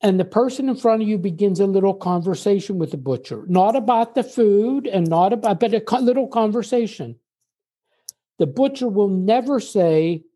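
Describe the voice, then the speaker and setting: An older man from the United States, a guest in an interview, explaining things in a measured way and telling anecdotes. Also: high voice, expressive, dark tone. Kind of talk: conversational interview storytelling.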